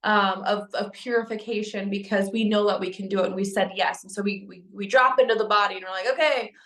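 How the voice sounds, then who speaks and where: Young woman, earnest spiritual vlogger, halting delivery, mid pitch, roomy echo. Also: fairly even intonation, a bit bright. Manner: earnest, halting with many restarts and fillers. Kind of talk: personal testimony to camera. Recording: echoey room.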